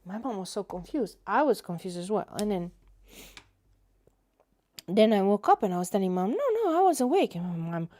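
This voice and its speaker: A woman's voice: mid-range voice, normal speed, pauses often, warm tone, dry recording. A young woman hosting an art livestream, telling a story in a chatty, rambling way with many fillers. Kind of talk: casual storytelling while painting.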